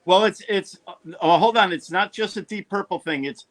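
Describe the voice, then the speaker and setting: A man's voice: sits high, normal speed. A man guesting on a rock interview, explaining things in an eager, chatty way with many restarts. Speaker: guitarist guest. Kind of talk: casual interview chat.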